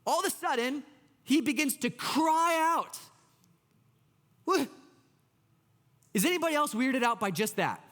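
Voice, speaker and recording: A man in his thirties, a pastor preaching a sermon in an excitable, conversational way and talking straight to the congregation. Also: extremely high pitch, moderate pace. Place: church sanctuary. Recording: long church hall reverb.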